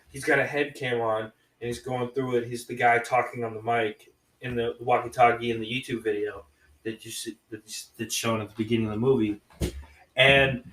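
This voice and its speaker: A man's voice: medium pitch, fairly bright tone, roomy sound, recorded from a distance, low-quality recording. A man casually retelling a movie plot on a podcast, rambling with many restarts. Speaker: podcast co-host reviewing movies.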